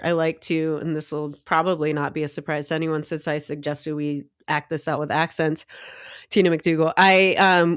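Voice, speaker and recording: A woman's voice: deep voice, smooth, no echo, studio quality. A woman co-hosting a money podcast, chatting in a playful, jokey way. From American South. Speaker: podcast co-host. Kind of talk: casual chat.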